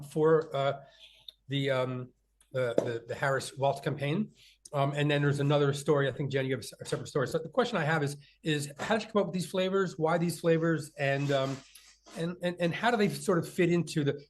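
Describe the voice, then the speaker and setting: Halting man with a slightly raised voice. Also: a little high, slight background noise. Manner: hesitant, many ums and restarts. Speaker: co-host. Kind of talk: casual chat on a video call.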